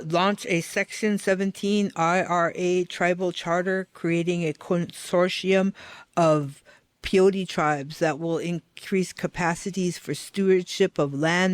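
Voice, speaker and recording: A woman co-hosting a podcast, explaining document details in a halting way, often restarting her words. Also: lowish voice, no echo. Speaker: podcast co-host. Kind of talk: podcast talk, reading out documents.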